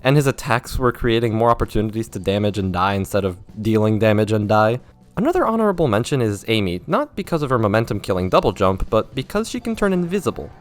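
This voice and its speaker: A young man narrates a scripted game review with a lowish voice that swings up and down in animated bursts. His delivery is sarcastic and self-mocking, full of wry asides. Light music sits faintly underneath. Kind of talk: scripted video essay commentary.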